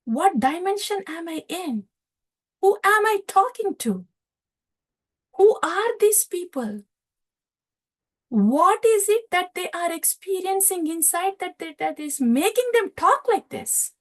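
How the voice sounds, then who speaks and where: A woman doing a scholarly young sage caught off guard, talking to himself in hushed wonder. The voice is high and slow to find its words. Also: exaggerated voice. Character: bewildered learned male sage, young adult.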